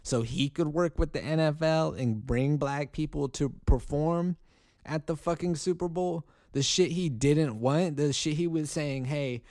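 A man hosts his own podcast and rants in a heated, profane way, often stopping and restarting his sentences. His voice is mellow and dark. The sound is close and dry, with no room around it. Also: fairly high pitch, unhurried, no echo. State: angry. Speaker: podcast host. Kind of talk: solo podcast commentary.

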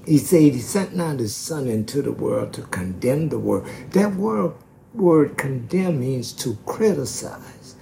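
A man preaching a sermon slowly and emphatically, stretching out key words. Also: medium pitch, lively intonation, creaky, warm tone, slight background noise.

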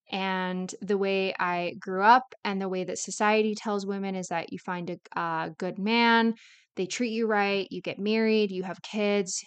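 Young woman solo podcaster, clear resonant voice, mid pitch, chatty and confessional, rambles with fillers. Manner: casual, rambling, many "like" fillers; candid, confessional. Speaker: podcast host.

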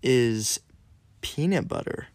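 A man's voice: mid-range voice, expressive, slow, creaky, a little mellow, no echo. A man co-hosting a casual chat, rambling and playful, filling his talk with "like". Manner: rambling, many "like" fillers, playful. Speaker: co-host.

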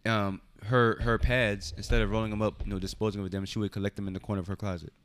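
A young man with a fairly low voice and a bright, forceful edge tells jokes in loose podcast banter. He keeps jumping in over the others and laughs easily. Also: flat delivery, fast talker. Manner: eager joke-teller, laughs a lot, talks over others. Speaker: podcast co-host. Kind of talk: casual chat.

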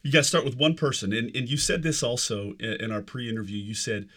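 A man's voice: mid-range voice, fairly quick, fairly bright tone. A man hosting a casual podcast, enthusiastic and affirming, stretching out his phrases. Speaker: podcast host.

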